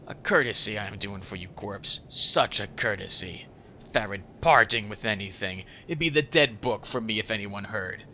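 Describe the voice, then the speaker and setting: A man voicing a sly, scheming man on a crutch, talking slow, oily and threatening. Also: on the low side, sharp tone, dull audio, a little hiss or hum. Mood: testy.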